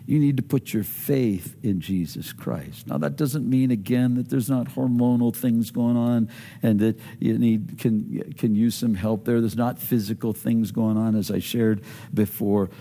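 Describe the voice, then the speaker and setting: A man preaching a sermon as pastor, animated, acting out quoted voices with big swings in pitch. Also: a little slow, vocal fry, long reverb tail.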